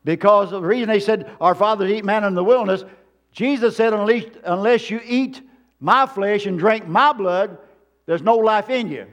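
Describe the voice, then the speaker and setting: A man with a high-pitched voice delivers a sermon from the pulpit. He hammers his points home with repeated phrases and reaches out to the congregation for amens. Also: moderate pace, a bit bright. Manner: emphatic preaching with repeated phrases. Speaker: preacher.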